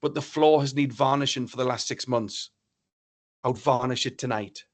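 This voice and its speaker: A man's voice: medium pitch, fairly even intonation, moderate pace, lightly acted. A man voicing an enthusiastic woman who owns a small boutique. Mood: eager. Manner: enthusiastic, eager. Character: eager woman boutique owner.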